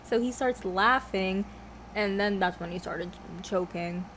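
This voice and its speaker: A woman's voice: medium pitch, a little slow, a bit bright, slight background noise. A young woman vlogging at home, chatting casually while she eats, rambling off topic, swearing often and laughing a lot. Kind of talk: casual mukbang chat.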